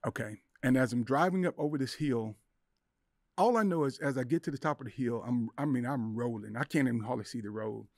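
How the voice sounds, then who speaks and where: A man's voice: mid-range voice, brisk, darkish tone, dry recording, clean studio sound. A middle-aged man, a podcast guest, telling an emotional personal story with intensity, acting out the voices in his head. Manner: intense, acts out inner voices and quotes.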